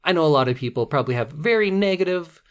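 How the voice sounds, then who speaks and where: Canadian dude cohosting a podcast, dry jokey self-deprecating chat, kinda wanders. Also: male voice, on the high side, expressive, fast, clear, resonant tone. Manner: wry, self-deprecating, rambling. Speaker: podcast co-host.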